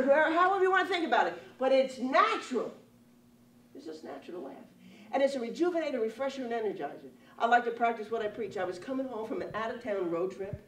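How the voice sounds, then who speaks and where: A woman giving a humorous lecture to a live audience, telling stories and laughing often. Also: sits high. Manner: storytelling, laughing often, playful. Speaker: speaker on stress and humor. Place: large lecture hall with audience. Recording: echoey hall, distant mic, audience noise.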